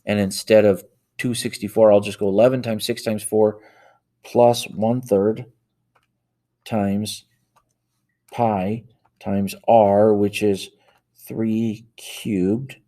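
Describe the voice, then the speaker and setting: Speaking slowly with frequent pauses, a man with a low, mellow voice and flat delivery walks through math examples. He talks as he types on a calculator and corrects himself mid-stream.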